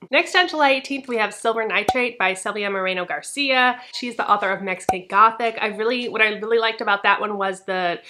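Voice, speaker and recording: Brief: chatty, upbeat woman host, clear bright tone, mid pitch, reads blurbs between excited asides. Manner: chatty, enthusiastic, laughs easily. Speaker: book channel host. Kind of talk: casual book chat, reading synopses aloud.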